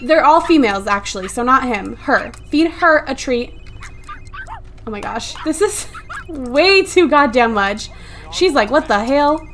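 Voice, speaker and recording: A woman with a high voice rattles off casual gameplay commentary. She is exasperated and swears freely, breaking into laughs along the way. She is recorded on a desktop USB microphone at home. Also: animated, measured pace, fairly bright tone, soft background music. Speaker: let's play gamer.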